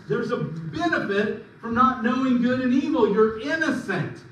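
A man preaching a sermon as pastor, emphatic, swinging between loud and soft. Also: lively intonation, measured pace, slight background noise. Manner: emphatic preaching with sudden swings in pitch and volume. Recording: echoey room, mic at a distance.

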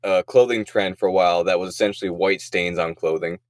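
A man's voice: deep voice, steady tone, brisk, no room sound. A young man co-hosting a podcast, laughing and joking in crude casual chat. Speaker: podcast co-host.

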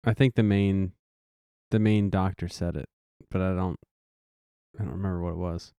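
A man with a mellow, middle-pitched voice co-hosting a casual movie podcast. He speaks hesitantly and goes along agreeably with the others. The sound is dry and close to the mic. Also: steady tone, moderate pace, clean tone, no echo. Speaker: podcast co-host.

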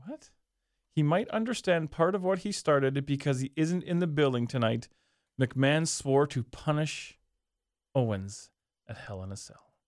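Man, slightly high voice, casual podcast chat, swears a lot, dry close sound. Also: expressive, a little slow, a little mellow, no room sound. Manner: loose, profane, jokey banter. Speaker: podcast co-host.

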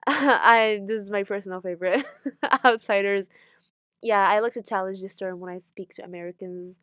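A young woman from Morocco, speaking candidly in an interview, animated and sardonic, laughing often as she talks. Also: medium pitch, moderate pace, clean tone, dry recording.

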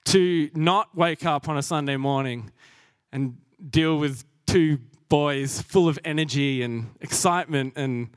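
A man's voice: a little high, measured pace, clean tone, no echo, studio quality. A young man preaching a sermon, earnest and self-deprecating, laughing at himself as he goes.

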